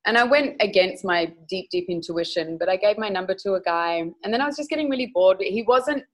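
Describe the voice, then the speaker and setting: A woman's voice: mid-range voice, a little fast, low-quality recording. A woman speaking as a sex educator guest in a candid podcast interview, frank and emphatic as she tells stories.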